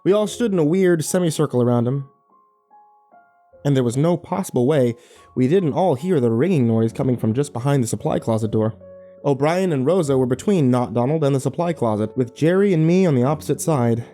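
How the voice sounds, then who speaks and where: Wry male horror narrator, animated delivery, lively pitch. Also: fairly quick, soft background music. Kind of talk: first-person horror story narration.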